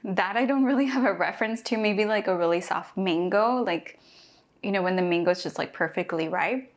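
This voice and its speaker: A young woman from Mexico, chatty and excited, thinking aloud while tasting a fruit for a food vlog. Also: mid-range voice, normal speed. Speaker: cooking vlogger. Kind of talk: casual first-impressions tasting vlog.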